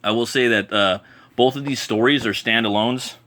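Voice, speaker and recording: A man's voice: medium pitch, normal speed, fairly bright tone, slight background noise. A man casually reviewing comic books, rambling enthusiastically with many fillers and restarts.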